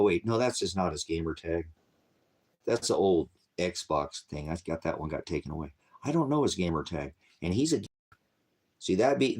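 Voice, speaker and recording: Middle-aged man, channel host, furious profane livestream rant, average male pitch. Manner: angry, profane, rambling and accusatory.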